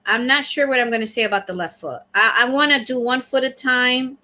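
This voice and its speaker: She's a middle-aged livestream host, reading comments out loud and thanking viewers in a relaxed chat. Her pitch leans high, and she speaks briskly in a pushed, bright way.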